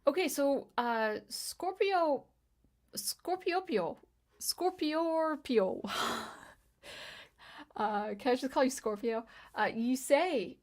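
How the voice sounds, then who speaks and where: A woman in her thirties chatting casually on a livestream as she reads viewer comments, talking in a halting way with frequent restarts. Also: fairly high pitch. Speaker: livestream host, music teacher and composer.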